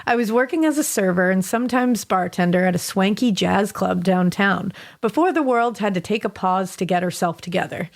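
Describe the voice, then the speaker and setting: A woman's voice: medium pitch, a little fast, hardly any pauses. A woman co-hosting a casual podcast, reading a listener's story aloud in a chatty, easygoing voice. She laughs easily and drops casual swear words along the way. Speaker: podcast co-host.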